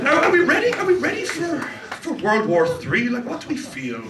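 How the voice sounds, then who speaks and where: A man doing stand-up comedy on a club stage, animated and laughing as he works the crowd. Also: very high-pitched, fairly quick, hardly any pauses. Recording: echoey room, distant, noisy.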